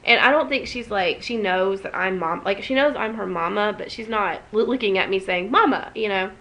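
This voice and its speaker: A woman's voice: medium pitch, moderate pace, fairly bright tone, rough recording. A young woman vlogging at home, talking emotionally and rambling with many restarts. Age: young adult. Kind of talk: casual emotional vlog.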